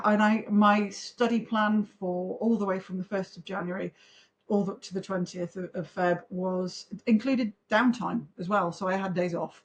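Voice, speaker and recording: A woman in her forties, a podcast guest, telling her story in a chatty, animated way. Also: mid-range voice. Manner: chatty, animated, talks in long run-on recollections. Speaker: podcast guest, pharmaceutical trainer. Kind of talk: conversational interview storytelling.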